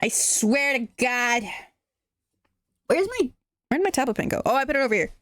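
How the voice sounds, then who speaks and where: A woman's voice: high-pitched, animated, normal speed, a bit bright. A young adult woman streaming live, casually chatting, reading chat aloud and thanking viewers, with the odd swear. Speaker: vtuber streamer.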